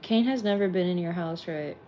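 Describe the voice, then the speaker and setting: A woman's voice: on the low side, fairly quick, lo-fi sound, a little hiss or hum. Rambling woman chatting in a car. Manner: rambling, animated, swears freely. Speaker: streamer and vlog host. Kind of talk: casual late-night chat. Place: inside a car at night.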